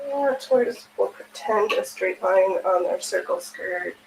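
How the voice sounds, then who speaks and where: A livestream host sews while she chats casually and answers her viewers, laughing a lot along the way. Her voice is mid-range, gravelly and a little slow, with slight background noise, recorded in an echoey room with faint ambience.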